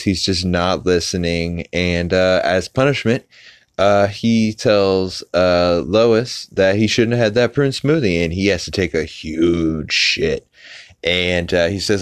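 A man's voice: sits low, slow, clean tone, no room sound, studio quality. A man hosting a podcast, casually recapping a cartoon episode with lots of fillers and restarts. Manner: rambling with many filler "uh"s. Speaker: podcast host.

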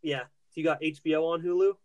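A man's voice: fairly high pitch, fast. A man and father chatting casually on a podcast, laid-back and swearing often. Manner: laid-back, profane, flat delivery. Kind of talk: casual chat.

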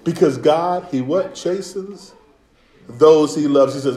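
A middle-aged man preaching with animated, conversational energy, his voice sitting a little high. The sound bounces around an echoey room. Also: takes it slowly. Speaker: pastor. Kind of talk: sermon.

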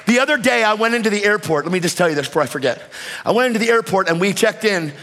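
A man from the United States preaching a sermon, fervent, swinging between shouted calls and hushed storytelling. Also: sits high, lively intonation, racing, long reverb tail.

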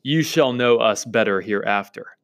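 A man's voice: medium pitch, moderate pace, lightly acted. A man reading aloud as a proud, cold and stern queen from a storybook, haughty and imperious.

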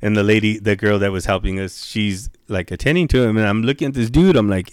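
A man's voice: lowish voice, fairly quick, clear, resonant tone, no echo, studio quality. A man telling a story in casual chat, swearing constantly and laughing as he goes. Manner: profane, laughing anecdote teller.

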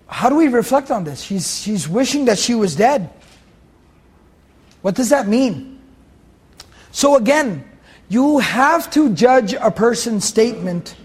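High-voiced man, Quran lesson teacher, explains words and repeats phrases. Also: sing-song, takes it slowly, pauses often, breathy edge. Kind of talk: Quran commentary lecture.

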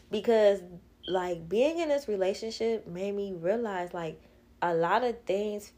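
A woman, hosting her own podcast in a blunt, candid casual monologue, laughing often and swearing freely. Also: fairly high pitch. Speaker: podcast host.

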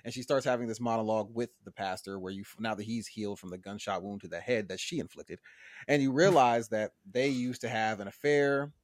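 A man co-hosting a podcast, retelling a show's plot in lively casual chat and acting out the characters in exaggerated voices, laughing often. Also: lowish voice, a little fast, dry recording, studio quality. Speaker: podcast co-host recapping a show.

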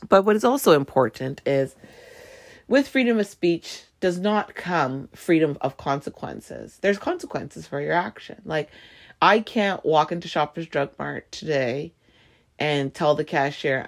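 A woman's voice: low voice, vocal fry. A woman hosting her own podcast, rambling animatedly with laughing asides. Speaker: podcast host. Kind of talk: casual solo podcast monologue.

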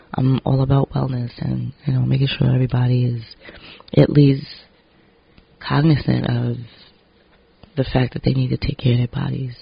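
Raspy, gravelly man talking candidly. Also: medium pitch, no room sound, dull audio. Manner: candid, rambling, profane. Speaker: vlogger and actor. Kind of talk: casual vlog monologue.

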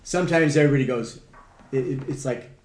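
A man's voice: mid-range voice, fast. A man teaching a conversational Bible study, reading verses aloud and asking the group questions with emphasis. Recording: echoey room with faint background hum.

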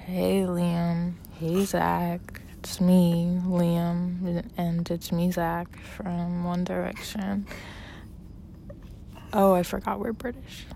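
A woman's voice: on the low side, level tone, extremely slow, vocal fry, dark tone, slight background noise, heavily acted. A woman playing a cheesy boy-band singer. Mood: goofy. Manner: goofy, self-interrupting.

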